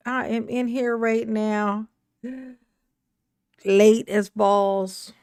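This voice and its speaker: A woman's voice: mid-range voice, steady tone, extremely slow, pauses often, darkish tone, smooth, no echo, studio quality. A woman hosting a casual livestream, greeting viewers by name in a playful, sing-song manner. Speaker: livestream host.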